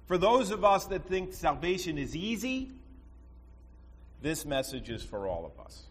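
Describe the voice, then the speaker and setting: A man preaching a sermon, telling stories in a conversational way with asides to his listeners. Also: on the high side. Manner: storytelling, conversational with rhetorical asides. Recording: long reverb, faint background noise.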